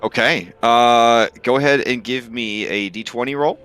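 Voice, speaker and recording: A man narrating as game master of a tabletop game, with a relaxed, hesitant delivery full of fillers. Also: medium pitch, a little slow, smooth, dry recording. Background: faint music.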